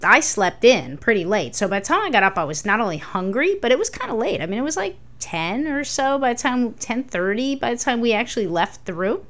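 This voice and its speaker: A woman co-hosting a podcast, telling stories in casual chat, animated and swearing freely. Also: a little high, fairly quick, hardly any pauses. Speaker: podcast co-host.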